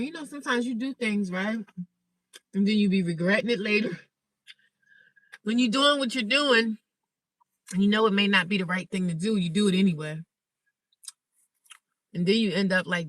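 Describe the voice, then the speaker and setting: A woman's voice: mid-range voice, moderate pace, long pauses, no echo, distant mic, low-quality recording. A woman chatting casually on a livestream, telling her stories bluntly and animatedly and repeating herself for emphasis. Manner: blunt, repetitive, animated storytelling. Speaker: livestreamer sharing her daily life.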